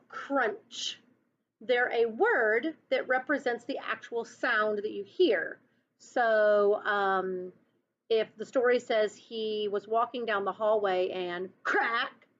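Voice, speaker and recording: Woman teacher, patient explaining to children, slow pace, dull lo-fi recording. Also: on the high side. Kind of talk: recorded class lesson and read-aloud.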